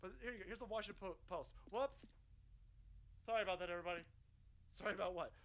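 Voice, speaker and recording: A man's voice: high voice, fast, poor audio. A man in his thirties streaming a profane political rant, mocking and sarcastic, swearing constantly. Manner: puts on voices to mock people.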